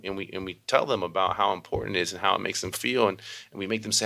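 A man's voice: low-pitched, fast, vocal fry. A man who teaches meditation, telling stories in a casual interview and acting out the voices of people he quotes. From Baltimore. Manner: animated, acts out voices in quotes.

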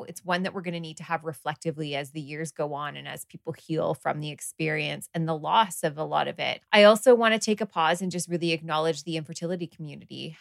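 A woman's voice: sits low, creaky, dry recording, clean studio sound. A woman hosting a podcast in casual chat, effusive and laughing often. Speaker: podcast host.

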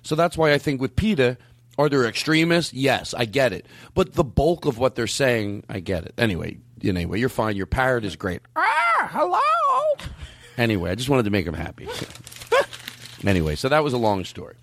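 A man's voice: mid-range voice, expressive, brisk, no echo, studio quality. A man in his fifties hosting a podcast, telling stories in a rambling, self-interrupting way. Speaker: podcast host. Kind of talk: casual chat.

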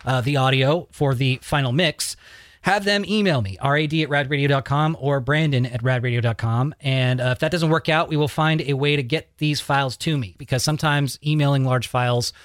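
A man's voice: medium pitch, no room sound, clean studio sound. A man hosting a podcast in a loose, joking way, swearing casually as he talks. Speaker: podcast host.

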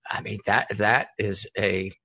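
A middle-aged man hosting a podcast interview, talking in a thoughtful, halting way with many restarts. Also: fairly low pitch, steady tone, sharp tone, dry recording. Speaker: podcast host. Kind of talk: conversational interview.

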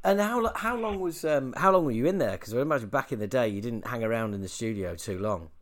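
A man's voice: medium pitch, lively intonation, fast talker. A man hosting a podcast, asking short questions and reacting briefly. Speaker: podcast host. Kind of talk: interview questions.

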